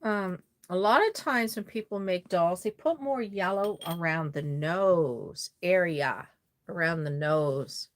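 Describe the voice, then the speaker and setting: Her voice is lowish and her pace slow as this woman from Nova Scotia, Canada, works on a doll during a live stream. She chats casually, rambling and reading viewer comments aloud.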